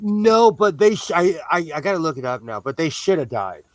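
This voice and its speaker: A man from the United States chatting casually in a group discussion, playful and animated, sometimes dropping into a low put-on sexy voice. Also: brisk. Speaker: panelist.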